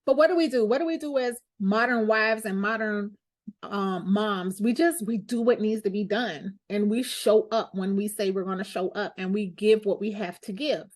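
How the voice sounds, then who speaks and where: A woman's voice: mid-range voice, normal speed. A woman, a lawyer hosting her own show, sharing a candid, heartfelt personal reflection in a conversational way.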